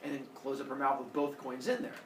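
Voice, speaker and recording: A male teacher telling a story to his class in an animated way, acting out characters with sound effects. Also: mid-range voice, fairly quick, background noise. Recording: echoey classroom from far off.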